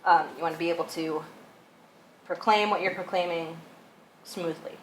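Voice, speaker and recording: In a church hall, a woman workshop instructor casually coaches church readers, her voice on the low side with fairly even intonation at a normal pace. She's chatty, says "um" and "like" a lot, and laughs at herself. The room is echoey with light background noise.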